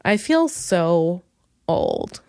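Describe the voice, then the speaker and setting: A woman's voice: huge pitch swings, drawn-out words, creaky, clear, resonant tone, no room sound, clean studio sound. A woman in her twenties from Minnesota, hosting a comedy podcast and rambling in a self-deprecating way. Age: 20s. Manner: rambling and self-deprecating, swings from low mumbles to loud bursts. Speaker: podcast host. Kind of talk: comedic solo podcast monologue.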